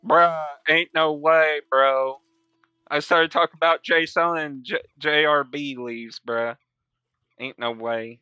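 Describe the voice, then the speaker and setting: Young guy streamer, profane slangy storyteller, fairly high voice, bright and clear. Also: steady tone, slow pace, no room sound, faint music behind. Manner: profane, laid-back slang with loud quoted outbursts. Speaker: gaming streamer. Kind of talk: casual storytelling while playing.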